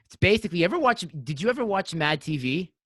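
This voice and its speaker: A man's voice: high-pitched, big pitch swings, fast, a bit bright, no room sound. A man hosting a podcast, telling stories in casual chat with lots of filler words. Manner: rambling storyteller, heavy filler words. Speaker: podcast host.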